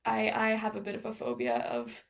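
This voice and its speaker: An American woman whose accent carries a slight Scottish lilt, talking quickly in a casual conversation with many restarts and laughs. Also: mid-range voice, very animated, vocal fry. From United States. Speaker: guest.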